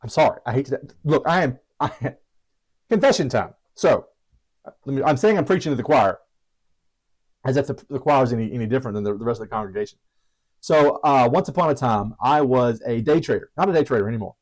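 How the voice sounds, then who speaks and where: A man's voice: medium pitch, animated, fairly quick, darkish tone, rough recording. A man teaching about trading strategies in a casual, chatty way, self-deprecating with frequent restarts and asides. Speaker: trading educator.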